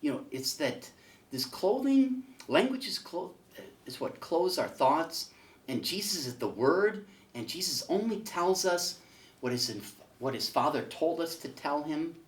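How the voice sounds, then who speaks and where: A man's voice: on the high side, very animated, unhurried, roomy sound. Guy teaching a church class, chatty storyteller, lots of ups and downs, mic far away. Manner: storytelling, folksy, with fillers. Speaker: catechism teacher. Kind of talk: casual classroom teaching with a told joke. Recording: voice picked up from a distance.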